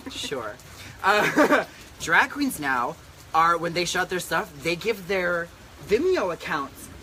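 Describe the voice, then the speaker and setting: A campy man hosting in drag, his voice pitched a bit high with a bright, sharp edge. He chats in a sassy, profane way into a handheld camera out on a humid deck, with a faint hum of outdoor ambience behind him. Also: animated, takes it slowly, pauses often. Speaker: drag queen host. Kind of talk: casual chat. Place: outdoor back deck in humid rainy weather.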